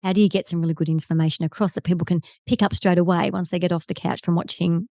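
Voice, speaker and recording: An Australian woman, a TV presenter and keynote speaker, telling an effusive, animated story in a podcast interview. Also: on the low side, fast talker, no room sound, studio quality. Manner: effusive, animated storyteller who voices quoted people. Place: podcast studio.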